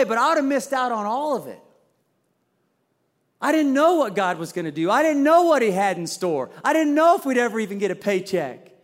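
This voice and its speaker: A middle-aged male pastor preaches in a casual, storytelling way. His voice sits fairly high, and he shifts his voice to act out the people he quotes. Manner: conversational, acts out quotes with shifts in voice. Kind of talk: sermon with personal story.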